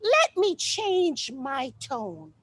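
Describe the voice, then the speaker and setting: A woman's voice: sits high, wildly swooping pitch, very slow, slight background noise. A woman performing a comic stage monologue with a sassy, exaggerated delivery.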